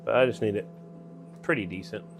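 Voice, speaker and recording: Working in his shop, this Southern US maker talks through each step casually in a brisk, creaky, fairly low voice. The audio carries a little hiss or hum.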